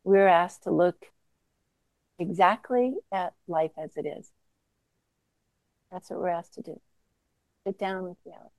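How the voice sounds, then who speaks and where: A woman teaching as a Zen teacher in a reflective dharma talk, mostly soft-spoken with sudden emphatic bursts. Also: fairly low pitch, measured pace, pauses often, dry recording, rough recording.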